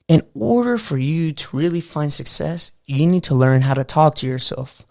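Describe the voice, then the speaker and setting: Gravelly-voiced man hosting a morning podcast. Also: a little high, a little mellow, no room sound, studio quality. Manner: loose, rambling, says "you know" and "bro" often. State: just out of bed, early morning voice. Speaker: podcast host. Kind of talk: casual motivational podcast talk.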